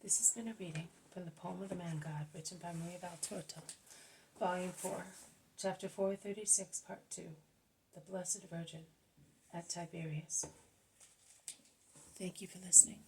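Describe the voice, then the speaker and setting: A woman reading a religious book aloud as a regular devotional reader, in a soft, measured voice that slips into whispers. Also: fairly low pitch, steady tone, gravelly, slight background noise, low-quality recording.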